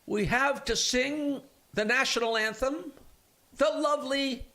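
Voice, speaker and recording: Older man doing a booming boxing ring announcer. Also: sharp tone, exaggerated voice. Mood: grandiose. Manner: grand, drawn-out announcing.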